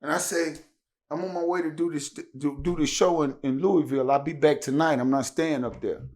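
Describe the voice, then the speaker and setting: His voice is on the high side and a little fast; he's a man from Tennessee sharing a casual story as a podcast guest. Animated throughout, he performs the dialogue loudly.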